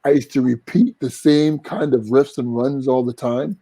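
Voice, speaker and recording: A man's voice: medium pitch, fairly even intonation, normal speed, warm tone, no echo, low-quality recording. A man, a singer and vocal coach, talking earnestly as a guest in an interview. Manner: earnest, reflective, sings short vocal examples. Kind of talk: casual interview talk.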